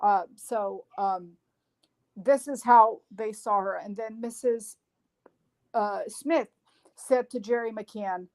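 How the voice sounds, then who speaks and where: A woman guest on a podcast, retelling events in an animated way with frequent restarts and fillers. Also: a little high, takes it slowly. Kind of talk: casual podcast discussion.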